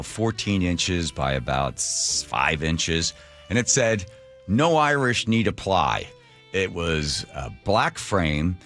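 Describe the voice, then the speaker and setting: A man hosting a radio show, telling a wry family story and history in an animated monologue. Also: deep voice. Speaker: radio host. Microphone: studio microphone.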